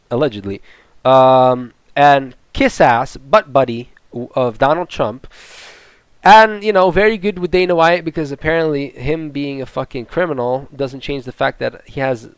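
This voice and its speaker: A young man giving profane, rambling and excitable commentary on a fight. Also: mid-range voice, a little slow, clear, resonant tone, no room sound. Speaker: MMA commentator. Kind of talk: ranting casual commentary.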